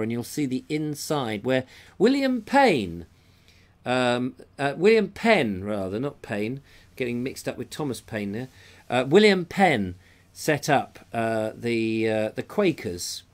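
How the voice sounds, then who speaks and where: A man's voice: mid-range voice, measured pace. Chatty man hosting. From England. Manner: chatty, rambling, often corrects himself. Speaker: show host reading out viewers' photos. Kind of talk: casual live show chat.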